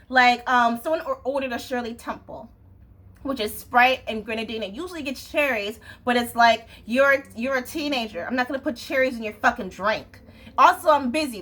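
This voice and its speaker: A woman's voice: on the high side, fairly bright tone. A young woman venting in a casual, exasperated rant to camera, swearing and often asking "you know what I'm saying". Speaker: vlogger.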